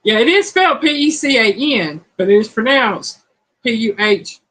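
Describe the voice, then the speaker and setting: A woman's voice: fairly high pitch, animated, normal speed, a bit bright, poor audio. A woman hosting a home cooking livestream, chatting casually and reading viewer comments aloud. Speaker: cooking channel host.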